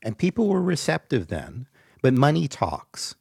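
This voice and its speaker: A man arguing emphatically in a panel discussion, often pausing with ums. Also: mid-range voice, wildly swooping pitch, creaky, darkish tone, slightly rough, dry recording, clean studio sound. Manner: emphatic, argumentative, with frequent ums. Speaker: guest expert.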